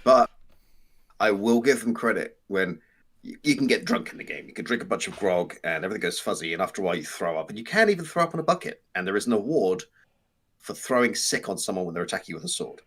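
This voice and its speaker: A man's voice: lowish voice, fast, slightly rough. A man co-hosting a live stream, chatting casually about video games and telling amused stories. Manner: storytelling, animated and amused. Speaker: co-host.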